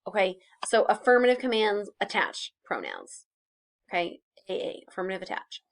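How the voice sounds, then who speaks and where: A woman's voice: medium pitch, huge pitch swings, moderate pace. A woman teacher explaining grammar in a casual recorded lesson, with many fillers and restarts. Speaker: Spanish teacher.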